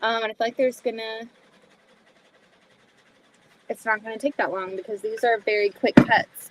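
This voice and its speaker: A woman's voice: on the high side, steady tone, moderate pace, pauses often, a little hiss or hum. A woman hosting a casual sewing livestream, chatting to viewers and thinking aloud as she cuts fabric. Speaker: livestream host.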